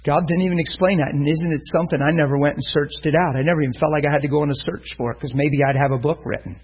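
A man preaches, working through a story and bringing it to life by acting out its voices. His voice is husky, a little breathy, and sits somewhat high for a man. He is telling a story from the pulpit. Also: fairly even intonation, quick pace, a little mellow, low-quality recording. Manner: storytelling, acts out voices in quotes. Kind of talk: sermon.

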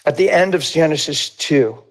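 Animated man preaching a sermon. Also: normal speed. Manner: animated storytelling, acting out voices in high squeals.

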